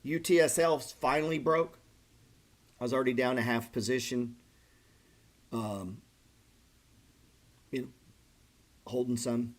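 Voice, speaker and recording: A middle-aged man with a slightly husky voice hosts a casual trading livestream. He talks bluntly and profanely, rambling in loose, conversational sentences full of "man" and "bro". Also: mid-range voice, fairly even intonation, a little slow, long pauses. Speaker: trading channel host.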